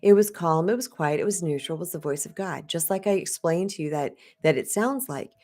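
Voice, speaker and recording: Speaking straight to her viewers, an Arizona spiritual coach recounts a personal story during a live stream in a chatty, conversational way. Her fairly low voice is a little mellow, and she talks fairly quickly.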